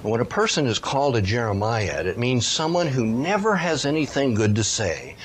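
A man's voice: medium pitch, sing-song, moderate pace, a little hiss or hum. A man preaching a sermon, reading scripture aloud and pressing his points with rising, questioning emphasis.

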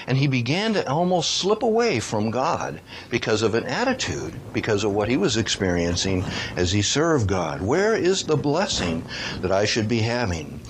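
A man's voice: medium pitch, big pitch swings, normal speed, slight background noise. A man preaching a sermon, reading scripture aloud and pressing his points with rising, questioning emphasis.

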